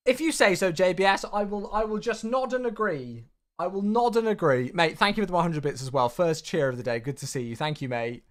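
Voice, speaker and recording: An upbeat man, chatting casually on a livestream from home. His pitch and volume swing widely as he welcomes viewers by name, friendly and talkative. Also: fairly quick. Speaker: flight sim livestreamer.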